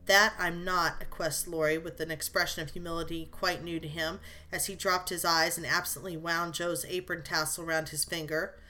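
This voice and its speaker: A woman narrating a classic novel as an audiobook, in a measured storytelling manner. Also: sits low, flat delivery, pushed and bright.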